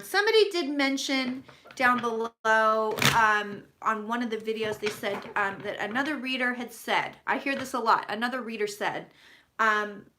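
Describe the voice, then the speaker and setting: A woman's voice: fairly high pitch, bright, forceful tone. A woman hosting a casual live-stream tarot reading, chatty and profane, greeting viewers by name as she talks. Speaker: psychic tarot reader.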